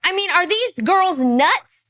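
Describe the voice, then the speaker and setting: High, animated, mocking woman commentator. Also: slow pace, no room sound, studio quality. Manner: mocking, exasperated. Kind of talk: reaction commentary.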